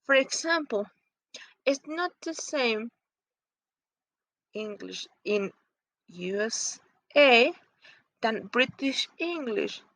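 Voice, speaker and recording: A woman whose first language is Spanish, explaining phonetics in halting English as she searches for words. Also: fairly high pitch, lively intonation, fairly bright tone, dry recording, low-quality recording.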